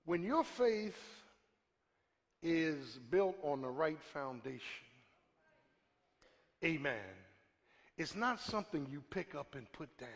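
A man preaching a sermon as pastor, calling for a witness from the congregation, swinging from shouts down to a hush. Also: fairly high pitch, lively intonation, slow, long pauses. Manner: call-and-response preaching, asks for a witness; builds to shouts, then drops to a hush. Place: church sanctuary. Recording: long reverb from a large hall.

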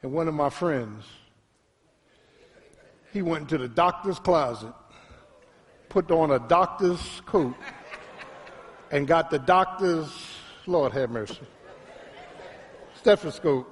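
Pastor, male, high and animated voice, preaching in a reverberant church hall. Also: takes it slowly, pauses often. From Philadelphia. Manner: preaching with call-and-response, rising to shouts; drops to a low, quiet storytelling voice. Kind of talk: sermon. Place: church sanctuary.

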